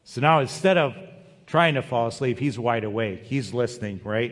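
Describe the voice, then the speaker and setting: A pastor preaching a sermon, retelling a story with lively voices for its characters. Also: male voice, mid-range voice, a little fast. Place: church sanctuary. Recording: long hall reverb.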